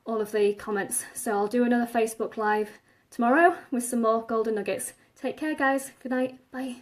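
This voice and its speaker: Woman, live-stream business coach, slightly breathless, higher pitch, direct advice-giving delivery. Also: fairly even intonation, moderate pace. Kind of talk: live-stream talk to viewers.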